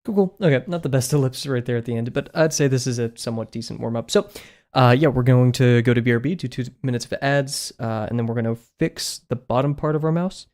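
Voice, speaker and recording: A man chatting casually while drawing on a live stream, relaxed and self-mocking, thinking aloud and slightly out of breath. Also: mid-range voice, quick pace, few pauses.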